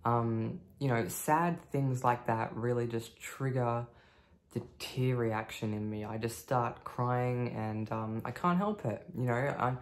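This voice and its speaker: A woman in her thirties telling her own story on a video diary. She talks candidly and casually, swears freely and fills pauses with lots of ums. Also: rumbling low. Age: 30s. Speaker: vlogger.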